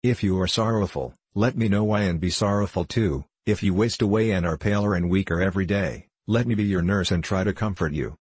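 A man voicing a devoted young girl who pleads earnestly with her grandfather, in his own husky voice. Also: low-pitched, fairly quick, hardly any pauses, darkish tone, no echo. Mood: pleading.

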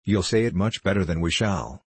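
A man's voice: low voice, normal speed, breathy edge, no echo. A man reading aloud, voicing a polite young girl who coaxes and soothes the others. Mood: coaxing. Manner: polite and coaxing.

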